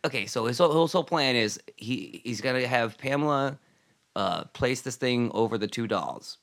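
Rambling through scenes of a TV episode, a podcast co-host chats casually with many fillers and restarts, sometimes dropping into quiet asides. His mid-range voice is animated and moves at a normal speed.

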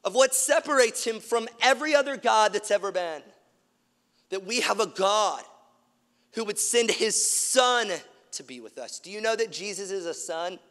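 A man's voice: sits high, expressive, normal speed, fairly bright tone. A man in his thirties preaching a sermon, casual and emphatic, telling stories as a pastor. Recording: long reverb of a large hall.

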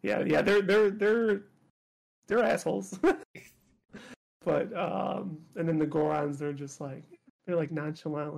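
A man with a gravelly, somewhat high voice chats casually as a podcast co-host. He laughs often and trips over his words, restarting sentences as he goes. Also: steady tone, a little slow, long pauses, a little mellow. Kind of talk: casual chat.

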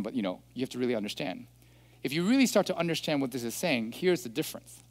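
A man's voice: mid-range voice, animated, quick pace. A man preaching a sermon as a pastor, chatty, often checking in with listeners. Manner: chatty, asks listeners questions. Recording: long hall reverb.

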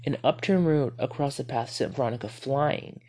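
A man's voice: mid-range voice, moderate pace, slightly rough. Man narrating a horror story. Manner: steady, with small stumbles and self-corrections.

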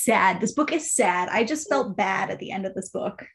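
A woman co-hosting a casual book-club chat, easygoing, laughing often and quick to agree. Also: mid-range voice.

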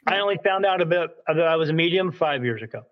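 In an interview, a spirit medium from Delaware in the United States casually tells a rambling story, animatedly acting out the quotes. His voice is on the high side and quick, and the audio sounds dull.

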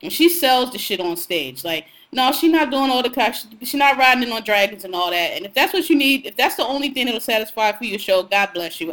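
A woman's voice: fairly low pitch, fairly bright tone, low-quality recording. Outspoken young woman ranting casually. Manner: outspoken, ranting, slangy and profane. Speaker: podcast co-host. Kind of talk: casual podcast chat.

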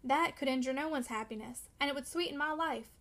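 A woman's voice: high voice, a little fast, fairly bright tone. A woman reading the part of a discouraged young man who speaks impetuously and pleadingly. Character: discouraged, longing young man of twenty-one. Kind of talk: audiobook character reading.

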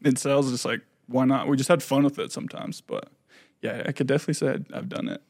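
A man's voice: medium pitch, steady tone, fast talker, darkish tone. A young man, a podcast guest and independent artist, chatting in a laid-back way and laughing easily. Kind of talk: casual chat.

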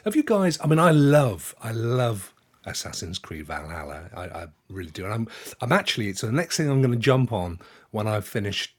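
A man from the UK hosts a relaxed gaming podcast, rambling and joking with his co-hosts. His voice is a little husky and swings widely in pitch. He chuckles often. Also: normal speed. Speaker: podcast host. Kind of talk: casual gaming chat.

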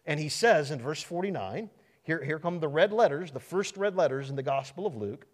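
Here a Midwestern American pastor delivers a sermon at a fairly quick, animated clip, his voice sitting fairly high. Restarts and rhetorical questions send his pitch swinging widely, all echoing through a large church sanctuary.

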